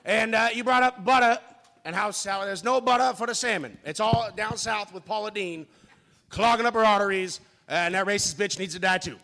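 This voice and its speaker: A man's voice: high-pitched, moderate pace, pushed and bright. A male comic in a comedy club, trading crude roast jokes with a brash, punchy delivery. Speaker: stand-up comic in a debate show. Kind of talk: crude roast-style stand-up.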